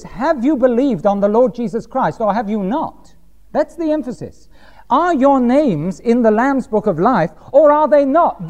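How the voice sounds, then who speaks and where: Brief: male preacher, emphatic and lively, pitch rising and falling widely, slows down for scripture readings. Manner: emphatic, rhetorical questions, reads scripture slowly. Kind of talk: sermon.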